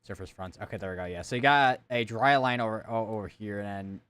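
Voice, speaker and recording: Guy streaming storm coverage, smooth clear voice, chatty, mutters to himself while clicking around maps. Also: fairly low pitch, fast, fairly bright tone. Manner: casual, thinking aloud while clicking through weather maps. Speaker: severe weather stream host. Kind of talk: live weather coverage commentary.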